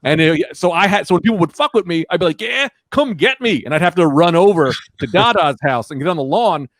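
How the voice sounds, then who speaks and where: A man on a casual comedy podcast, telling rambling, animated stories from his childhood. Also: fairly high pitch, fast talker, no room sound, clean studio sound. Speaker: comedian guest.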